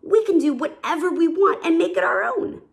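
A woman voicing an eager young boy lion cub in a storybook reading, lively and high-spirited. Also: moderate pace, creaky.

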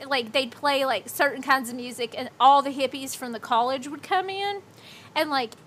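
A woman's voice: sits high, normal speed, a bit bright, slight background noise. A woman in her thirties livestreaming, telling a rambling, profane story with lots of "like" in casual chat.

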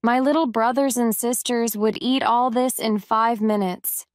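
A woman reading a storybook voices a kind, talkative young servant girl who speaks warmly and sometimes scolds gently. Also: on the high side, steady tone, measured pace, clear, resonant tone, no room sound, clean studio sound, close to an everyday voice. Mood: chatty.

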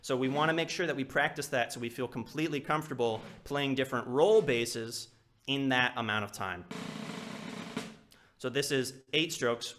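A man's voice: mid-range voice, normal speed, background noise. A man teaching a percussion etude in a live lesson, counting aloud and singing rhythms with syllables. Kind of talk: live instructional walkthrough. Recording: loud snare drumming behind the voice.

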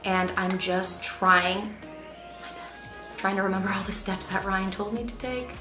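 A woman's voice: mid-range voice, fairly even intonation, normal speed, bright, forceful tone, faint music behind. A young woman chatting casually to the camera, rehearsing audition lines and criticizing her own takes. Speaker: voice actor vlogger. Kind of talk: casual vlog talking to camera.

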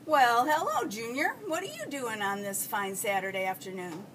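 A woman's voice: a little high, lively intonation, normal speed, a bit bright. A woman voicing a friendly, good-humored older male farmer in a read-aloud storybook, speaking in a patient, folksy way with a chuckle close by. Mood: kindly. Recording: distant mic, faint background hiss.

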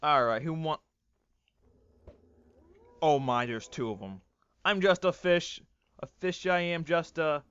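A young man doing loud, profane, melodramatic commentary over a game he is playing. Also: fairly high pitch, unhurried, long pauses, smooth, no echo, dull audio. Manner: loud, swearing, melodramatic outbursts. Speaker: gaming YouTuber. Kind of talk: Let's Play commentary.

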